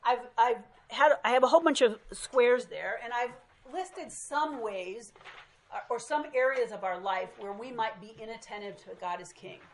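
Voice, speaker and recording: A woman's voice: a little high, normal speed, low-quality recording. A woman teaching a small group in a casual, self-deprecating way, recorded in a meeting room. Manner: chatty, self-deprecating storytelling. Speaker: Bible study teacher.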